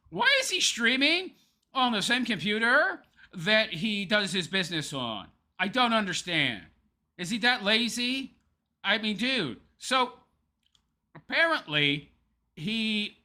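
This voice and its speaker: A man hosting a commentary show talks sarcastically over a clip, laughing often at his target. His voice is high-pitched and bright, with a forceful tone.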